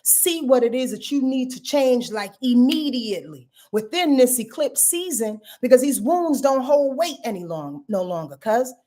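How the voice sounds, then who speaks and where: A woman's voice: high-pitched, lively intonation, moderate pace, few pauses, mellow. A woman astrologer giving a live reading, emphatic and talking straight to her viewers, repeating phrases and laughing at her own jokes, with features.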